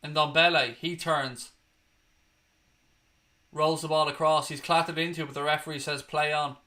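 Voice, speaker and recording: A young Irish man calls the match live for his watchalong, blunt and sweary, flaring into outrage at bad calls. His voice sits a little high and rings bright and forceful. He keeps talking over the play without pause. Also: fairly even intonation. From Ireland. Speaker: watchalong host. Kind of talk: live match commentary and chat.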